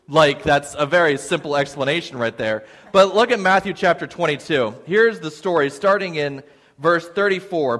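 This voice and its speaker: A man preaching a sermon as a pastor, telling an animated, self-deprecating story with frequent "okay?" asides. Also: fairly high pitch, fairly quick. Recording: long hall reverb.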